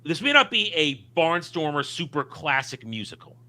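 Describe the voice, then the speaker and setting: A man's voice: fairly high pitch, big pitch swings, moderate pace, pushed and bright. A man co-hosting a casual film discussion, talking emphatically and opinionatedly with frequent restarts. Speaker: podcast co-host.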